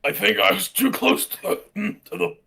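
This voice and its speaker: A man's voice: sits high, lively intonation, normal speed, creaky, bright, forceful tone, slightly rough, pitched above the performer's own voice, heavily acted. A man playing a character who raises his voice harshly to disguise it. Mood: feigned. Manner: raised, harsh, hard to place.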